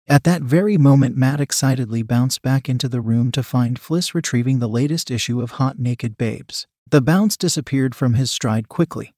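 A man reading a story aloud in measured, even audiobook narration. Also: mid-range voice, dry recording, studio quality.

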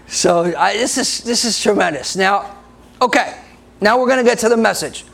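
Male preacher, very high voice, a gravelly edge, laughs a lot, playful with the congregation. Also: expressive, measured pace, a bit bright, a little hiss or hum. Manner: laughs often, jokes with the congregation. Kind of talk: sermon.

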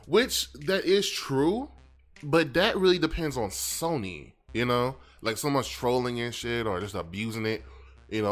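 A man's voice: medium pitch, expressive, normal speed. A man co-hosting a casual podcast, talking in a loose, rambling, slangy way. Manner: loose, rambling, slangy, reads chat aloud. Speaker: podcast co-host. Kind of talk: casual chat.

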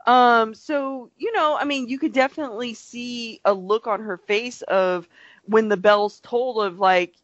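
A woman's voice: on the high side, unhurried, no room sound. A woman speaking on a podcast over a remote call, and the sound is dry and dull. She rambles with plenty of fillers and acts out little quotes as she makes her point. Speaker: podcast co-host. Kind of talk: casual podcast chat.

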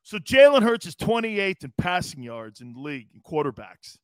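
An East Coast US sports talk host riffs casually in a brash, jokey way, laughing often and reading chat comments aloud. His fairly high-pitched voice is very animated at normal speed, with no echo.

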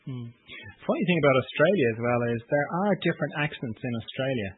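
A man chatting casually in a relaxed way, trailing off and correcting himself as he talks. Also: medium pitch, quick pace, husky, no room sound. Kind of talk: casual chat. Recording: tinny phone-like call audio.

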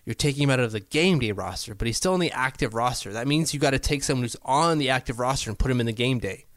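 A man co-hosting a casual hockey podcast, chatty and quick to laugh, often correcting himself mid-sentence. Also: mid-range voice, dry recording. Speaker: podcast co-host.

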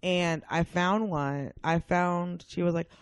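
A woman guest on a podcast, telling stories in a casual, animated way and acting out other people's voices. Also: lowish voice, slow, clean tone, no room sound. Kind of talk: casual storytelling chat.

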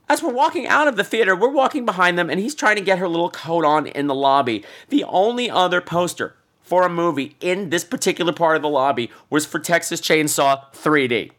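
A man hosting a podcast, telling a story in an animated, profane way in a casual monologue. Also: on the high side, a little fast, hardly any pauses. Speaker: podcast host.

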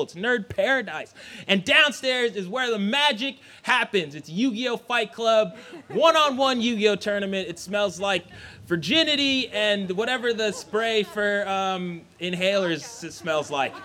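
High-voiced, bright young man telling a story. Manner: animated, laughing, acts out voices. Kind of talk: live personal storytelling.

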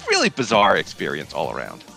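A man's voice: deep voice, huge pitch swings, fairly quick, vocal fry, bright, forceful tone, soft background music. A man co-hosting a podcast, talking casually in a wry, incredulous way and laughing often. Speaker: podcast co-host. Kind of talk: casual review chat.

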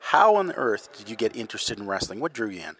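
A man's voice: on the low side, big pitch swings, fast, a bit bright, slight background noise. Canadian man interviewing casually.

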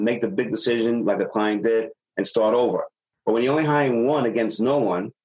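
A middle-aged man, a sales consultant being interviewed on a podcast, explaining ideas and acting out stories with lively dialogue. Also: lowish voice, rough recording. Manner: animated storyteller, acts out dialogue.

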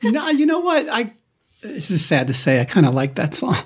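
A man with a softened New Jersey accent, a guest in a studio interview, telling stories with a laugh. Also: high voice, normal speed, slightly rough. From Newark, New Jersey. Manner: laughing, animated storyteller.

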